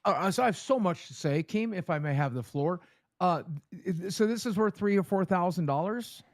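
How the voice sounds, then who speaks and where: A man's voice: sits high, expressive, normal speed, no room sound, studio quality. A man co-hosting a live stream, talking in an emphatic, indignant way with swearing. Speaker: show co-host.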